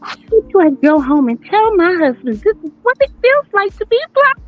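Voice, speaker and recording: A woman's voice: very high-pitched, very animated, normal speed, narrow, tinny audio, soft background music. A woman voicing a prim, easily offended white woman in comedic role-play, gasping in exaggerated shock. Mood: mock-appalled. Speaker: podcast co-host.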